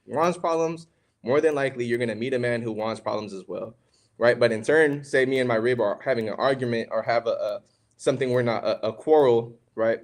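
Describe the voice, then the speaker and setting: A young man of middle pitch talks through a religious lesson on marriage like a casual podcast chat. He keeps calling listeners "man" and "bro" and asks a lot of rhetorical questions. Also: brisk. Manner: conversational, preachy, calls listeners "man" and "bro". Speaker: podcast co-host. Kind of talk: casual religious teaching talk.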